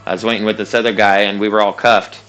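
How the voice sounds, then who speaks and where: A man's voice: lowish voice, level tone, quick pace, a bit bright, dull audio, soft background music. A young man streaming a game, telling a long story casually, rambling and swearing with lots of fillers and laughs. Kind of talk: casual storytelling while gaming.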